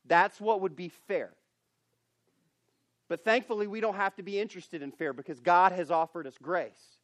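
A man's voice: high voice, normal speed, a bit bright, no room sound, studio quality. A man preaching a sermon at a camp, earnest and emphatic, often repeating and restarting phrases. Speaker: camp speaker.

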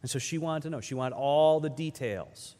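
Pastor preaching in a long-echoing hall. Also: male voice, fairly high pitch. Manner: conversational preaching with repeated rhetorical questions; swings between loud emphatic peaks and quiet slowed phrases. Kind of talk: sermon.

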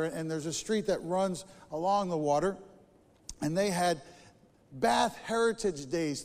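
A man preaching a sermon in a church, telling personal stories in an animated, chatty way. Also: high-pitched. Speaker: pastor. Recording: echoey church hall.

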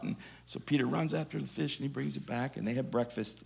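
A male preacher retells a scripture story in a conversational sermon, his mid-range voice creaky and husky and fairly quick. He drops into quiet asides and then builds to emphatic passages.

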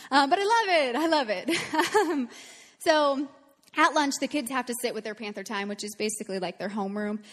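A woman's voice: a little high, in a large hall. A woman leading worship, telling a story to the congregation in a chatty, earnest way, with frequent "um"s. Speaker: worship leader. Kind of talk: casual talk to a congregation.

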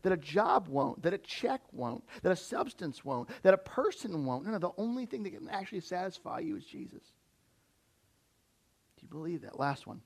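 High-voiced male preacher. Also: big pitch swings, moderate pace, vocal fry. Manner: conversational, questioning the congregation directly. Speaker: pastor. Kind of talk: sermon. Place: church.

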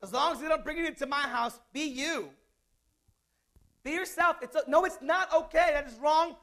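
A man's voice: very high voice, normal speed, a bit bright. A man preaching a sermon in a conversational way, mixing scripture with jokes and asides.

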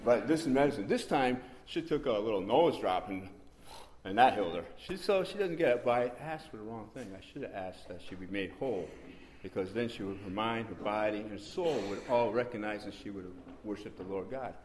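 A man with a lowish voice tells a church testimony in a loose, rambling way, circling back over the same phrases and now and then leaping into excited outbursts. The sound is roomy and echoey, with a faint hum of the space around him. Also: brisk. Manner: rambling and repetitive, with sudden excited bursts. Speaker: church member giving testimony. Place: church meeting room. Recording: roomy echo.

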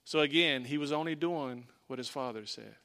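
A man preaching a sermon as a pastor, emphatic, repeating lines and dropping to a hush for weight. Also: medium pitch, normal speed.

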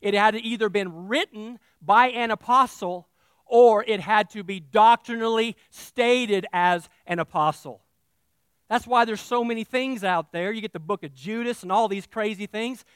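A male pastor preaching a sermon, talking straight to his congregation and swinging from quiet asides to loud, emphatic declarations. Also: high voice, moderate pace, clean tone, dry recording, clean studio sound. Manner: talks directly to the congregation.

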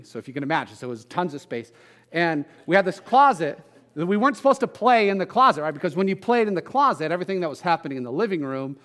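A middle-aged pastor preaching in a conversational way, mixing scripture with folksy family stories and self-deprecating asides. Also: male voice, a little high, fairly bright tone. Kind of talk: conversational sermon.

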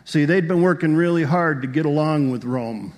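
This pastor's voice is a little high and slightly mellow, moving at a moderate pace as he vividly recounts the story in his sermon and asks the congregation rhetorical questions. His words echo with the long reverb of a big hall.

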